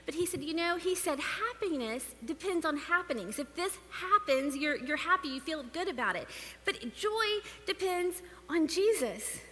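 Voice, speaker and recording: A woman telling a lively, laughing story in church, acting out the dialogue. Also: sits high. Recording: reverberant hall with faint noise.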